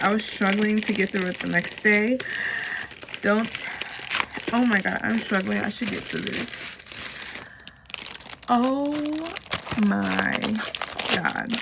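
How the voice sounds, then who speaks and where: An excitable woman gushes over each item she unboxes, talking casually in a mid-pitched voice with a gravelly edge. Paper crinkling and tearing sound behind her in a noisy home recording. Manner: gushing, excitable, lots of "oh my God" and "like". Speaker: unboxing vlogger.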